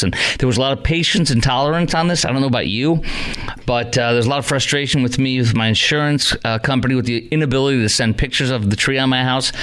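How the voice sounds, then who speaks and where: A man hosting call-in talk radio in a smooth, resonant voice. He talks in a chatty, animated way, wandering off into asides before getting back to the phone lines. His pitch sits in a middle range. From North Texas. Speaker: radio talk show host.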